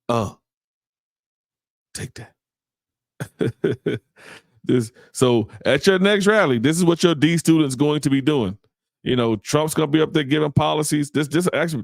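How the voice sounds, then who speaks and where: A man's voice: medium pitch, darkish tone, no room sound. Guy podcast host riffing and joking, mid voice, dry close sound. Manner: mocking, joking, laughs often. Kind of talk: casual political commentary.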